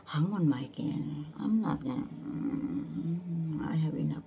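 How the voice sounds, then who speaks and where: Gravelly, slow-whispering woman near tears. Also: deep voice, animated, lo-fi sound, slight background noise. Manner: soft halting whisper, repeating words. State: close to tears. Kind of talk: whispered personal monologue.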